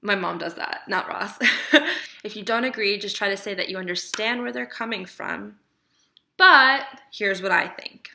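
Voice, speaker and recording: A woman with a bright, sharp-edged voice talks straight to her viewers in a casual advice vlog. She is chatty and emphatic and keeps checking in to make sure they follow. Her pitch sits in an ordinary middle range. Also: animated, measured pace, gravelly. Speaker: relationship advice vlogger.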